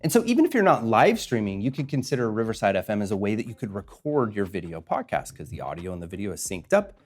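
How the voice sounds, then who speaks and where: A man hosting a podcasting tutorial and chatting through a screen-share walkthrough. He keeps it upbeat, with quick jokes, and speaks into a podcast mic. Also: fairly low pitch, very animated, darkish tone. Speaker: host and podcasting instructor. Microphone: podcast mic through a mixer.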